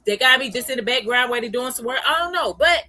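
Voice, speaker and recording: A woman's voice: high voice, animated, fast, pushed and bright, no room sound. A woman hosting a casual livestream, chatting with viewers, greeting them by name and laughing often. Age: adult, parent of a young child. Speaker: livestream host.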